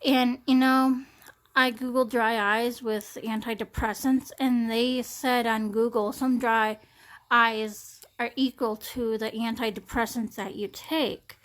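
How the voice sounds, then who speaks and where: A young woman talking into her smartphone in a casual personal vlog, rambling and halting, with many fillers and restarts. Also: a little high, steady tone. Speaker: vlogger.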